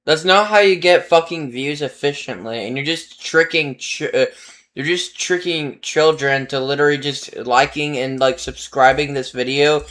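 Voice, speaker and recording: A man's voice: a little high, moderate pace, fairly bright tone. A man reacting to short videos in an irritated, profane rant, swearing constantly and telling the voice assistant to shut up. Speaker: reaction streamer.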